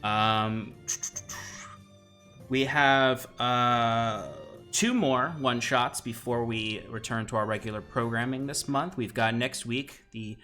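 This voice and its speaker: A man's voice: medium pitch, pushed and bright. A man hosting a live tabletop stream, reading out announcements in a rambling way full of fillers. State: out of breath. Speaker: stream host.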